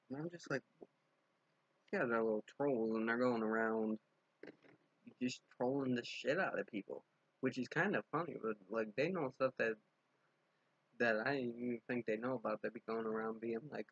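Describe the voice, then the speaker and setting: Young guy rambling at 4am, husky gravelly voice, dry room, kinda sweary. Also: mid-range voice, normal speed, pauses often, dry recording, lo-fi sound. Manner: rambling storytelling with frequent likes and swearing. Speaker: vlogger. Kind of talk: casual late-night vlog. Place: dark room at home.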